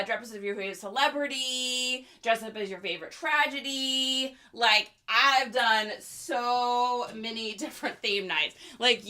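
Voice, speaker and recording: A woman's voice: a little high, bright, forceful tone. A young woman hosting a casual reseller livestream, chatting in a bubbly way with lots of fillers and laughs.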